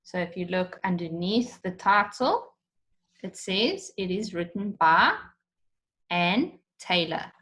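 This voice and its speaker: A woman with a fairly low voice teaches an online lesson for children, speaking slowly and patiently. She walks through each question step by step and repeats things so the learners can follow. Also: lively intonation, fairly bright tone. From South Africa.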